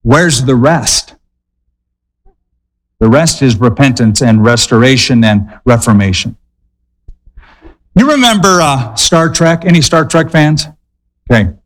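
A male pastor preaching a sermon, telling stories with dramatic pauses and quick bursts. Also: medium pitch, long reverb tail, poor audio.

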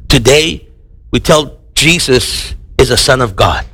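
A man's voice: mid-range voice, expressive, slow, pushed and bright, breathy edge. A middle-aged man from the United States preaching a sermon, acting out the voices of people in his stories. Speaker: pastor.

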